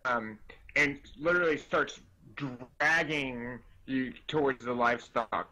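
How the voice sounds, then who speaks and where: A man narrating a tabletop game as game master, halting and restarting as he goes. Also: mid-range voice, sharp tone, low-quality recording. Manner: halting, full of fillers and restarts.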